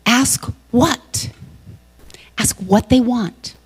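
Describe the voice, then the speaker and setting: A woman gives a sermon in the form of personal stories. She talks in an animated, self-mocking way and laughs often. Her voice carries with the long reverb of a large hall. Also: medium pitch, a little slow. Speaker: guest speaker at a church service. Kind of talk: storytelling sermon.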